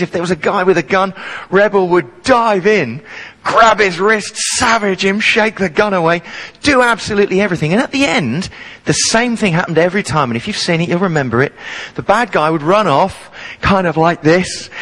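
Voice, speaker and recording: Lively, playful preacher in his forties. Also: sits high, poor audio. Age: 40s. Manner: humorous storytelling, playful. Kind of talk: sermon.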